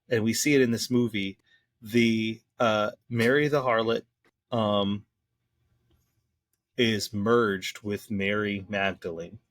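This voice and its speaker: A man talks in a casual podcast discussion at an ordinary pitch. He explains eagerly and slangily, restarting his sentences often. His voice is close and dry, with no room sound. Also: dry recording. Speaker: podcast co-host discussing the Bible.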